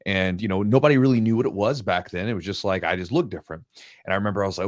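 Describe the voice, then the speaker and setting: A man's voice: sits low, quick pace, dry recording, studio quality. A man hosting a podcast, talking reflectively and hesitantly with many fillers. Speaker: podcast host. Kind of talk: casual podcast interview.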